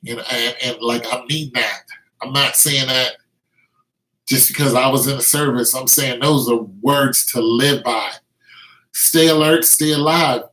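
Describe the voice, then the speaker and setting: A man's voice: medium pitch, a bit bright. Emphatic middle-aged man in a roomy echo. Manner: emphatic, repeats words when stressing a point. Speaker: vlogger. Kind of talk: ranting commentary to camera.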